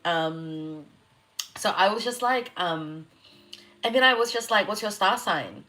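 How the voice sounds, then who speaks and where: A young New Zealand woman streams astrology readings, speaking a little slowly in an expressive, medium-pitched voice with a sharp tone. Loose, chatty and giggly, she swears and responds to chat comments as she goes.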